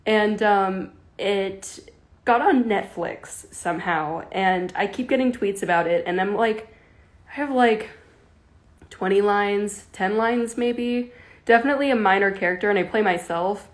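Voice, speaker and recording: A woman's voice: mid-range voice, unhurried. A woman in her early twenties chatting casually on a phone livestream from home, giggly and greeting viewers by name. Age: early 20s. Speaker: livestream host. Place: at home with a kitten.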